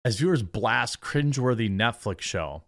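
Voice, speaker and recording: A man's voice: medium pitch, expressive, normal speed, a bit bright. American guy doing a sarcastic commentary rant, rambles, dismissive. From United States. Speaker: host.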